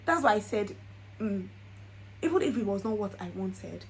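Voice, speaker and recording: A woman's voice: mid-range voice, animated, normal speed, a little hiss or hum, low-quality recording. A young woman, telling a personal story in a casual vlog and laughing often. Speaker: vlogger.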